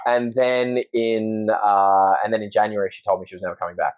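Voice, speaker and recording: A man's voice on the low side comes across flat and fairly quick. He's an Australian-accented actor guesting on a podcast, talking earnestly and reflectively in a casual interview and often beginning his sentences again.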